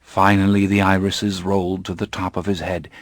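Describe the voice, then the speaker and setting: Low-voiced man narrating a gothic audiobook. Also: flat delivery, moderate pace, no room sound, studio quality. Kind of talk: scripted first-person audiobook narration.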